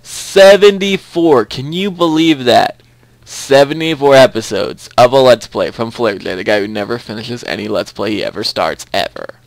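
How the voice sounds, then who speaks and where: A man's voice: medium pitch, animated, normal speed, vocal fry, no echo. A young man hosting a casual game commentary, chatty and rambling, often repeating himself. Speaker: let's play host.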